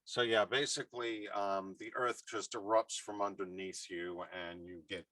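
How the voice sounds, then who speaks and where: A man acting as game master, narrating a tabletop game in a relaxed, easygoing way. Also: fairly low pitch, normal speed, dry recording, recorded from a distance.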